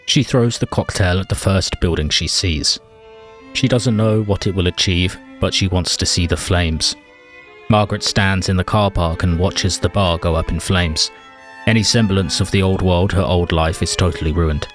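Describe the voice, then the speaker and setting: A man with a low, deep voice tells the story of his game in a dry, mock-tragic way. Soft music plays faintly behind him. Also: normal speed. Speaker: let's play host. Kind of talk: comedic game narration.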